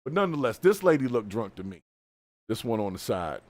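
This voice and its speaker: A man hosting a live stream, reacting to a video with casual, animated, colloquial commentary. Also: medium pitch, a little fast, no echo. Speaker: host.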